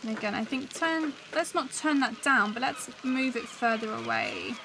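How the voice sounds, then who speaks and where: Chatty woman, higher voice. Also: sing-song, moderate pace, gravelly, noisy background. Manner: chatty, musing, talks to live chat. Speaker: show host building a soundscape live. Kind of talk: casual livestream thinking aloud.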